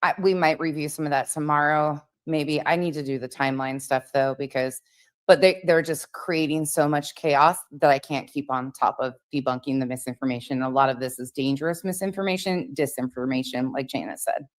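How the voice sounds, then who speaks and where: Low-voiced woman hosting a livestream. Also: fairly even intonation, fairly quick, no room sound. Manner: blunt, talks over clips to chat. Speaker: livestream host. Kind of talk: livestream commentary.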